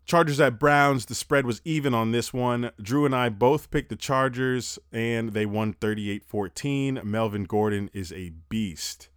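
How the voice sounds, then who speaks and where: Young guy doing a football recap podcast, fast and swearing a lot, heavy breathing right on the mic, dry sound. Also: mid-range voice, clean tone, no echo. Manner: fast, animated, profane, breathes heavily. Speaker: sports podcast host. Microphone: close mic.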